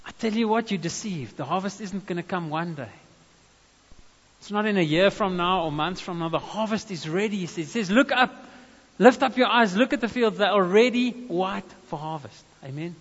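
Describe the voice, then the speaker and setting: A South African man preaching in a high, bright voice, breaking into stories and tossing in casual asides and calls of amen. His words ring through a long reverb, and the sound is a little dull. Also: lively intonation, normal speed. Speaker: pastor. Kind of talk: sermon.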